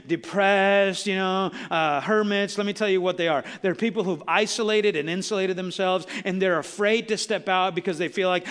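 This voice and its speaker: High-pitched, pushed, and bright, this man's voice fills a church sanctuary as he preaches. His sermon feels conversational and leans on rhetorical questions, all wrapped in a long church-hall reverb.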